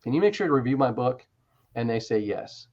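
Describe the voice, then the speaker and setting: A man telling stories in a casual interview, animated, with quick restarts and asides. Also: medium pitch, highs cut off. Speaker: interview guest, author.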